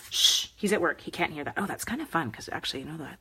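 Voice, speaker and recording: Bright-voiced chatty woman crafting. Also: low-pitched, lively intonation, fast, slightly rough. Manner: chatty, talks to live viewers by name. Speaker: crafting demonstrator. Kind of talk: live card-making demo.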